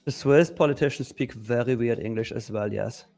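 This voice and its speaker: A man's voice: mid-range voice, normal speed, vocal fry, darkish tone, soft background music, close to an everyday voice. A man putting on a German accent, clipped and matter-of-fact, tacking "yes" onto his lines. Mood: deadpan. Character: stiff man speaking English with a heavy German accent.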